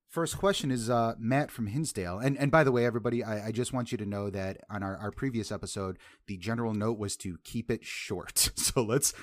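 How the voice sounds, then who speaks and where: A man's voice: medium pitch, no echo, studio quality. A man hosting a casual sports podcast, upbeat, often repeating words as he starts sentences. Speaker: podcast host.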